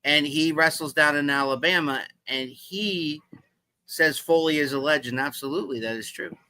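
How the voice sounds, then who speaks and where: A man with a bright, fairly high voice hosts a live interview chat. He talks eagerly and keeps the show moving. His audio is dry and close. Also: normal speed, clear, resonant tone, no room sound, low-quality recording. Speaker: host.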